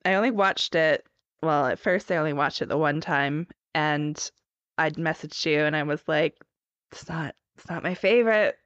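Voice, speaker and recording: A woman co-hosting a podcast in casual chat, chatty and quick to laugh. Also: deep voice, a bit bright, no echo. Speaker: podcast co-host. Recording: dull, lo-fi dry recording.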